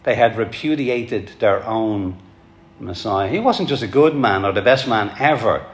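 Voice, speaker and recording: A man's voice: on the low side, animated, measured pace. A man preaching a sermon to his congregation, earnest and pleading, calling them folks. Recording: echoey hall.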